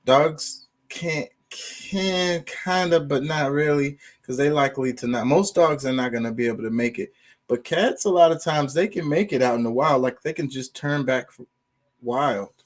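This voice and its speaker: A man's voice: on the high side, moderate pace. Chill guy going on about pets, cussing, lots of likes and you knows. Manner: rambling, profane, laid-back, lots of fillers. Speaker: streamer. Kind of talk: casual opinion talk.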